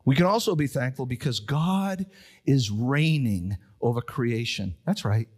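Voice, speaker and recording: A male pastor preaching a sermon, reading scripture low and solemn, then building to urgent, rising appeals. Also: animated, unhurried. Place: church sanctuary.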